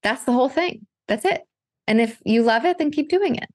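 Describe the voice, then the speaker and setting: A woman literary agent and author talking as a podcast guest, thoughtful and relaxed, dotted with filler words. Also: high-pitched, brisk, no echo, studio quality. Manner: reflective, loose with fillers like "like". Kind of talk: casual podcast conversation.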